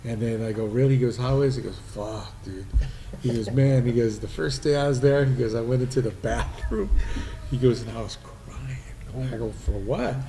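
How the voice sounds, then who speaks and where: A man's voice: medium pitch, steady tone, fairly quick, warm tone. A man hosting a live podcast, telling stories casually, swearing and acting out what others said. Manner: swearing storyteller, acting out quoted voices. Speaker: podcast host. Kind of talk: casual storytelling chat. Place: restaurant venue, live podcast. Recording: faint noise, live remote venue.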